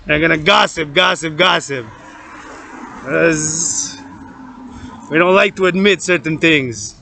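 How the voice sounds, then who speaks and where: A man from Canada giving a loud, profane, rambling rant, chanting and repeating words. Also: a little high, takes it slowly, creaky, a little hiss or hum. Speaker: vlogger.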